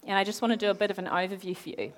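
A woman preaching a sermon, retelling a Bible story in a lively way, acting out the characters' lines and asking her listeners questions. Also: mid-range voice, racing. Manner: animated, acts out quoted characters, asks the audience questions.

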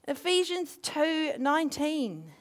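Lively high-voiced woman preaching. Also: slow pace. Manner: animated, acts out quotes in voices, laughs. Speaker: speaker. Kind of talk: informal sermon with storytelling.

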